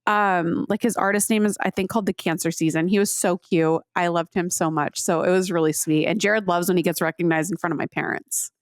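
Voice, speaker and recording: A woman's voice: on the low side, steady tone, brisk, few pauses, no room sound. Chatty woman podcast co-host, dry studio sound. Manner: chatty storyteller, many "like" fillers. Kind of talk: casual chat.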